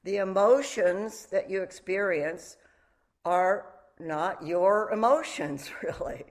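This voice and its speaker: A woman's voice: mid-range voice, slow. A middle-aged woman giving a meditation talk, reflective and candid, mixing teaching with personal stories. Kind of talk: dharma talk.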